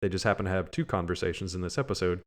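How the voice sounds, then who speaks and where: Man, very low voice, sarcastic podcast co-host, crude jokes. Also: fairly even intonation, rapid-fire. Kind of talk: casual review chat.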